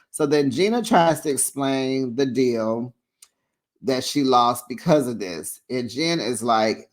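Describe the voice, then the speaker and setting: A reality TV recap host giving casual, sassy commentary, chatty and quick to laugh. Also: mid-range voice. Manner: chatty and sassy, with frequent laughs and acted-out quotes.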